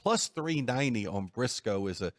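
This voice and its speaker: A man hosting a sports betting talk show from a studio, talking in a steady, methodical way. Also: medium pitch, normal speed, no room sound. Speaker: host.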